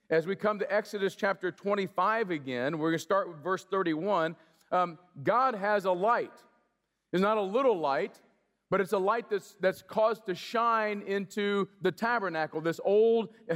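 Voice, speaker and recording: High-voiced pastor preaching in a hall. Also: male voice. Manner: lively, joking, conversational preaching. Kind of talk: sermon. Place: large church hall. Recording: long hall reverb.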